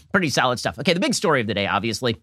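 A man's voice: medium pitch, big pitch swings, bright, forceful tone, dry recording, studio quality. A man hosting a political commentary show, talking in a sarcastic, mocking monologue. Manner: sarcastic, mocking, rapid-fire.

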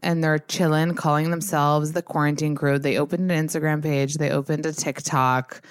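A woman's voice: sits low, flat delivery, moderate pace, clear, resonant tone, no room sound, clean studio sound. A woman hosting a podcast in casual chat. She talks freely, swears often and fills her speech with "like". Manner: chatty and swears freely, heavy use of "like". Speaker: podcast host.

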